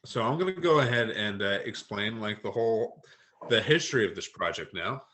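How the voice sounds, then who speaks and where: A man, an author being interviewed on a podcast, speaking hesitantly with many pauses and ums. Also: lowish voice, animated, bright, forceful tone. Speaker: author guest. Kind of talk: casual interview chat.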